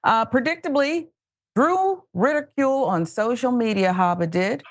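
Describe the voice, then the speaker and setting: A woman's voice: fairly high pitch, expressive, normal speed, no echo, studio quality. A woman with a Southern American accent hosting political commentary, sarcastic, exasperated and emphatic. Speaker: host.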